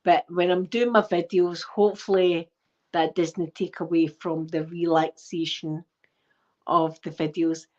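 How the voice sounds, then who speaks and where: A middle-aged woman with a Scottish accent chatting warmly and emotionally to her viewers, close to tears and short of breath. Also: lowish voice, little pitch movement, a little slow. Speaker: ASMR channel host. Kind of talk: casual heartfelt chat to viewers. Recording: dull lo-fi recording.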